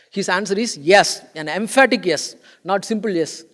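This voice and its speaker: A man's voice: high-pitched, normal speed, few pauses. A man giving a conference lecture on philosophy, explaining and stressing points, often repeating and restarting his phrases. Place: conference hall. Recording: long hall reverb.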